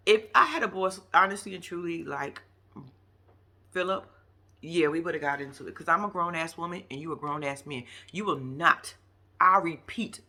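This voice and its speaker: A woman recaps a reality show episode in a loose, casual commentary. Her voice is bright and sharp, and she's blunt and profane, scolding the cast as she goes. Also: fairly low pitch.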